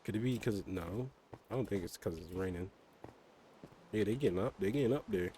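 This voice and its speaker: Young dude rambling about bikes while gaming, lowish voice, lots of ums, kinda excitable. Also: male voice, a little fast, slight background noise. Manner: rambling, excitable, swears casually, many fillers and restarts. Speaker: streamer. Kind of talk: casual chat while gaming.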